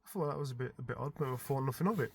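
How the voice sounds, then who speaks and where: A man's voice: medium pitch, very fast, creaky, breathy edge, dry recording. A middle-aged man casually telling a rambling story about a dream, chuckling often and filling his talk with "like" and "type thing". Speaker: vlogger recounting his dreams.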